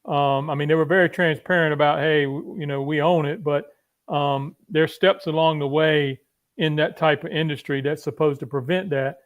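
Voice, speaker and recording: A man's voice: a little high, fairly even intonation, normal speed, phone-quality sound. A man speaking as a guest on a casual online panel chat, explaining things with lots of fillers. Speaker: panel guest from pharmaceutical industry.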